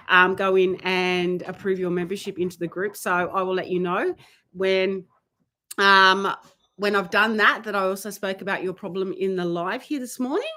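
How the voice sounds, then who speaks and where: A woman's voice: mid-range voice, bright, forceful tone. A woman who trains horses, hosting a casual weekly live Q&A and talking in a chatty, easygoing way as she reads out a viewer's question. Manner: chatty, often breaking off to scold her dogs. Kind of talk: casual live-stream chat. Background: dogs barking and playing nearby.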